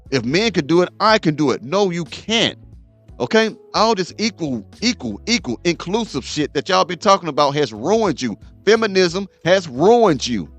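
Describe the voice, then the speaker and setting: Here a man with a fairly high, fairly bright voice hosts a show, commenting on a clip. He lectures the audience and drives points home with repeated "okay?"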